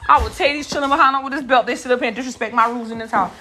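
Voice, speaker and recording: A young woman live streaming from a busy family home on her phone, chatting casually and scolding her children loudly and bluntly. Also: a little high, very fast. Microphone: phone camera.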